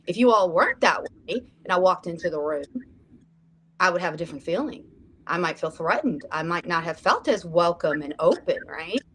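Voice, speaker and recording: A woman's voice: on the low side, animated, moderate pace, a bit bright. A woman speaking on a roundtable panel, earnest, often checking in with "right?". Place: room with a group.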